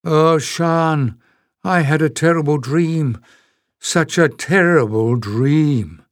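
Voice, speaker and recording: A male narrator puts on a withered old woman in the grip of some evil force, croaking and hissing each word from a thin, strained throat. The voice sits high and the words drag slowly. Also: no room sound, clean studio sound. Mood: frail, dazed. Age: older. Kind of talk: audiobook character voice.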